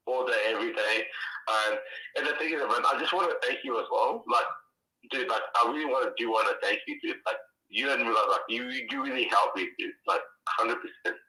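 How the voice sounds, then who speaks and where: A male caller rambles and gushes, leaning on the same phrases again and again. His voice comes through bright and a little tense. The line sounds roomy, as if he's calling from an echoey space. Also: mid-range voice, fairly quick. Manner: gushing, filler-heavy, keeps repeating himself. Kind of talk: casual call-in chat.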